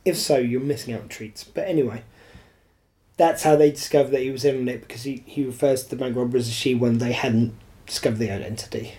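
A woman's voice: extremely low pitch, fairly even intonation, fast, dark tone. A woman with an Irish accent co-hosting a podcast in casual chat, laughing often and restarting her sentences. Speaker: podcast co-host.

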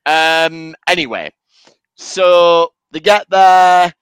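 A man's voice: fairly high pitch, steady tone, extremely slow, a bit bright, clear, resonant tone, no room sound, rough recording. A man co-hosting a podcast in casual chat, rambling and sweary, acting out quoted lines. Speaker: podcast co-host.

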